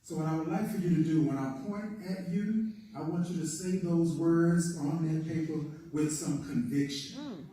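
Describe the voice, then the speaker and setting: A man's voice: on the high side, normal speed, mellow, a little hiss or hum. A man performing a rhyming spoken word piece live, drawing the audience into call and response. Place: event hall with a live audience. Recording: echoey hall from far off.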